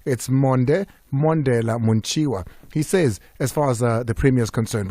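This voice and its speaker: A man hosting a sports talk radio show, measured and engaged with callers. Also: mid-range voice, mellow, no room sound. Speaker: radio host.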